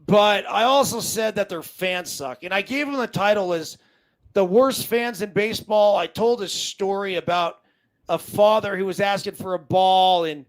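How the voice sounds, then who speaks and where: A man in his forties co-hosting a casual sports show, with a strikingly high-pitched voice. He talks in an excitable, emphatic rush, swearing freely as he riffs and tells stories. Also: poor audio. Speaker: co-host, former baseball player.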